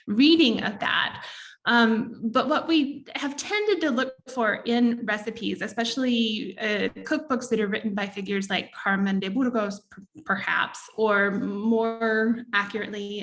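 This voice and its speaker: A woman author giving an academic talk and answering questions, thoughtful and halting, with frequent ums, over a video call. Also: a little high, fairly bright tone. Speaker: author and speaker.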